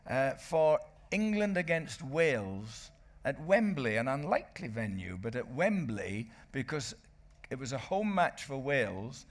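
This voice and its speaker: An older man, a rugby commentator and author, telling anecdotes to a live audience as a festival guest, lively and chuckling. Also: mid-range voice. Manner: lively raconteur, chuckling, bursts into re-enacted commentary. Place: book festival stage.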